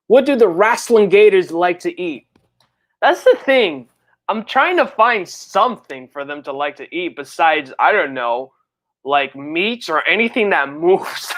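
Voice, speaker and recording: A streamer chatting casually on a live birthday stream, reading viewer messages and rambling in slang, with sudden high, excited outbursts. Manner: rambling, slangy, full of fillers. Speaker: livestreamer and comic creator.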